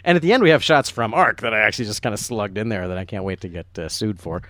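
Brief: quick, rambling male director doing commentary, self-deprecating, dry close-mic sound. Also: lowish voice, fairly bright tone, no room sound. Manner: rambling, self-mocking, laughs often. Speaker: film director giving commentary. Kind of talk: commentary track chat.

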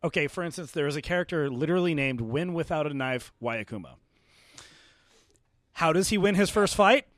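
Podcast co-host, man, a bit higher than most, tells stories animatedly. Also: a little fast, no echo, studio quality. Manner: animated storyteller, acting out scenes. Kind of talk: casual chat.

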